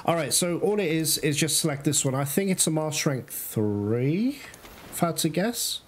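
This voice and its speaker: A man's voice: fairly high pitch, expressive, moderate pace. A man giving casual, chatty commentary on his own gameplay, talking straight to viewers and swearing now and then. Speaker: gamer playing through a game.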